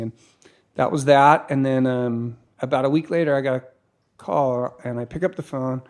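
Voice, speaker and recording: A man in his fifties, a California surfer and filmmaker, speaks at medium pitch and moderate pace while casually storytelling. He's animated, acts out the lines of dialogue, and restarts often.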